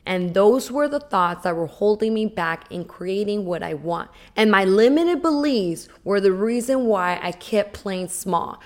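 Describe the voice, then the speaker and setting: A woman giving an earnest, emotional personal testimony, with emphatic pauses. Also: fairly low pitch, a bit bright.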